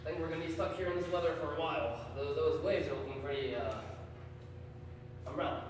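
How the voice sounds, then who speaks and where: A man's voice: fairly high pitch, quick pace. A man on stage in live improv comedy, rambling through guesses aloud. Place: large echoey hall, far from mic. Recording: echoey hall from far off, noisy.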